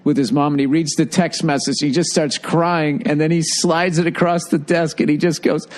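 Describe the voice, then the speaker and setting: A man chatting casually, telling a story in an animated, profane way and acting out the people in it. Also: a little high, moderate pace. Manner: animated, profane, acts out quotes with shouts.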